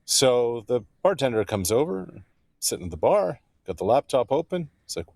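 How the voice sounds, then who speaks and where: A man's voice: medium pitch, big pitch swings, moderate pace, vocal fry, darkish tone, no room sound. A Canadian man co-hosting a sports radio show, telling stories in a casual way with dry, wry humor. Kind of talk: casual chat, storytelling.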